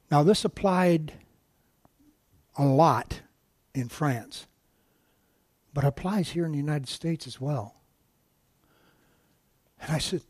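A man's voice: fairly high pitch, takes it slowly, pauses often, a little mellow, slightly rough, no echo. Preaching man, stumbling storyteller. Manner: storytelling with many restarts and direct asides to the congregation. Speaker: guest preacher. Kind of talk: sermon.

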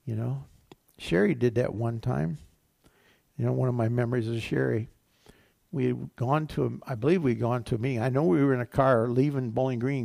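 Gravelly-voiced pastor preaching a sermon. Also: male voice, mid-range voice, darkish tone, no echo, clean studio sound. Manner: preaching with acted quotes of temptation, rising and falling.

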